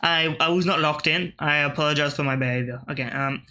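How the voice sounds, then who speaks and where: A man's voice: on the high side, fairly quick, pushed and bright. A man, thinking aloud and swearing casually as he gives let's-play commentary on word puzzles. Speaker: gaming channel host.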